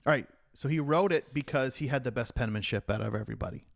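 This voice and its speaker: A man's voice: medium pitch, fast talker, gravelly, no echo, clean studio sound. A middle-aged man hosting a casual podcast chat, teasing and quizzing his daughter on history. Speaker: podcast host.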